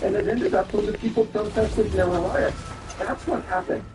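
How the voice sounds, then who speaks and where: A man with a high voice co-hosts a casual podcast chat at a moderate pace, rambling, opinionated and tossing in jokey asides. Music plays underneath, and the roomy, distant mic picks up background noise.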